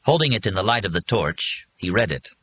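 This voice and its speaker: A man reading an audiobook in a husky voice with dramatic, expressive scripted narration. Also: lowish voice, a little fast, rough recording.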